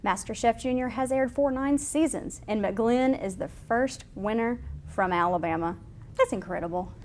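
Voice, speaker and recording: A woman's voice: on the high side, darkish tone, slight background noise. A woman anchoring a local TV news show in a studio, reading stories and bantering in a bubbly, reactive way. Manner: bubbly, quick to laugh and react.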